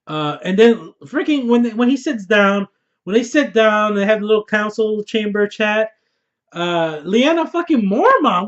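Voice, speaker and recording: A young man with a voice high for a man reviews a TV episode in a loose, excited, slangy monologue, swearing freely and laughing as he goes. The casual review sounds a little dull and lo-fi.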